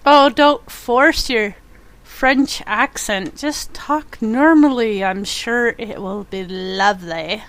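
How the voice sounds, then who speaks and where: A woman's voice: a little high, slow pace, a bit bright. A young woman from Canada, chatting casually and giggling as she streams a game and talks to her viewers. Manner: chatty, giggly, reacts to chat. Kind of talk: casual chat with live viewers.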